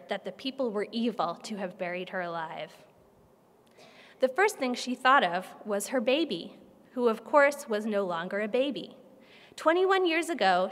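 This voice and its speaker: Woman reading fiction aloud in a hall. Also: on the high side. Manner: measured, expressive reading. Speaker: literary translator. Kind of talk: reading a translated novel aloud. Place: conference room. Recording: long hall reverb.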